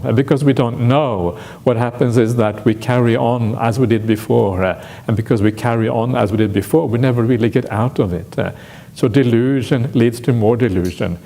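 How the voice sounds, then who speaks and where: Guy monk giving a dharma talk, warm mellow voice, lots of uhs, acts out the quotes. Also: medium pitch. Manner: frequent "uh" fillers, animated when acting out quotes. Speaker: Buddhist monk teaching a retreat. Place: retreat centre hall.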